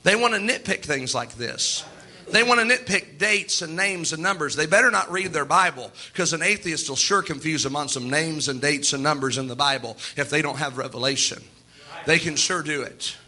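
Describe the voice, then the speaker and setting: A male preacher with a high voice and a very bright, sharp edge. He preaches with emphasis and acts out the quoted words of others in his own voice. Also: normal speed. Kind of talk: sermon.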